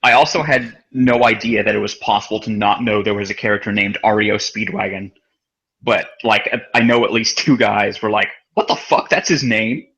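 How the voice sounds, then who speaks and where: Wry podcast host guy, lowish but bright and forceful, swears a lot. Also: steady tone, a little fast. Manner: blunt, wry, swears casually. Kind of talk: casual chat.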